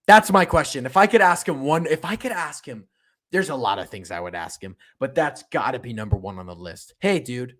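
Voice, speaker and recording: A man's voice: medium pitch, animated, fairly quick, fairly bright tone. A young man hosting a solo sports podcast, talking in an emphatic, fired-up way and hammering the same points again and again. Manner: fired-up, emphatic, repeats himself. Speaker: podcast host.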